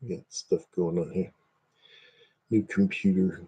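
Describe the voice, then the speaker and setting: A man chats casually with his livestream viewers, wandering from topic to topic. His voice sits on the low side with a soft, mellow tone. He jokes easily and often at his own expense. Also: steady tone, a little slow, slightly rough. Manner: rambling, self-deprecating joking. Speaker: livestream host. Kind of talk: casual chat with live viewers.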